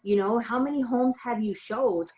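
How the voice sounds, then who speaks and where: A woman's voice: a little high, moderate pace, a little mellow, rough recording. A woman real estate broker giving a casual tutorial, telling stories in a chatty way full of fillers and restarts.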